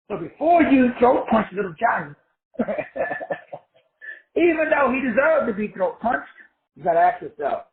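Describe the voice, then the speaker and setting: A man giving a rambling, profane motivational talk with a street-preacher cadence. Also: a little high. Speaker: motivational speaker. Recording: tinny phone-like audio with faint background noise.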